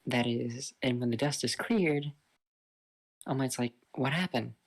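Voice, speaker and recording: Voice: medium pitch, fairly even intonation, unhurried. A person casually retelling a fan-fiction story, rambling and loose with lots of fillers.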